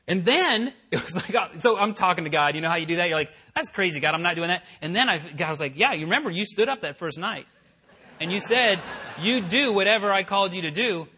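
A man preaching, telling a personal story in a chatty, animated way and acting out the voices he quotes. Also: high voice, slightly rough. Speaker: pastor. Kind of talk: sermon storytelling. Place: church worship center.

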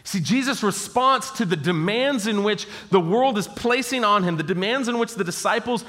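A man's voice: high voice, expressive, moderate pace, fairly bright tone, long reverb tail. A man preaching a sermon in a conversational, reflective way, often checking in with his listeners. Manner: conversational, reflective, frequent "right?" asides. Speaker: pastor.

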